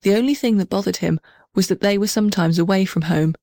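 Woman storyteller, gentle children's-book reading, dry close sound. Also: medium pitch, fast talker, no room sound.

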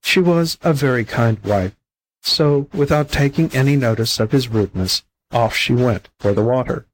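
A man narrates an old fable in a steady, unhurried storybook manner. His voice carries a husky, slightly breathy grain at a middle pitch. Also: low-quality recording. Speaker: volunteer audiobook reader.

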